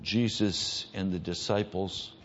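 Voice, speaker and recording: A man preaching a sermon as pastor, emphatic, moving between hushed lines and loud ones. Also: sits low, steady tone, slow, a little hiss or hum. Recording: dull lo-fi sermon recording.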